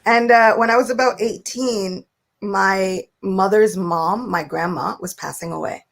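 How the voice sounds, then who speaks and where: Young woman, storyteller, acts out voices, casual talk show guest, middle-pitched. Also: a little slow, gravelly. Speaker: guest speaker.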